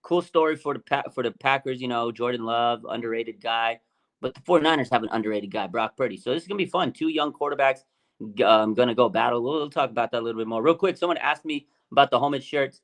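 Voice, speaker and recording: A man hosting a casual sports chat, telling stories in an excitable, emphatic way. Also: mid-range voice, quick pace. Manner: excitable storyteller, animated and emphatic. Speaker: podcast host.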